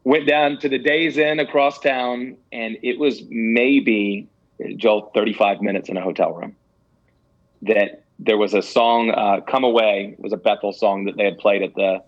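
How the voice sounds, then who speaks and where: A man's voice: lowish voice, fairly even intonation, a little slow, muffled recording. A man giving candid personal testimony as an interview guest, earnest and self-deprecating, with some stammered restarts. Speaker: guest telling a ministry story.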